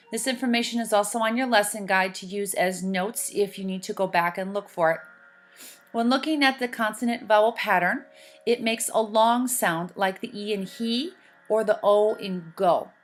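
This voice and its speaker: Slow, clear woman teaching a lesson. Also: medium pitch, fairly bright tone. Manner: slow, clear and deliberate, spelling out sounds. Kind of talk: recorded classroom lesson. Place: recorded lesson video.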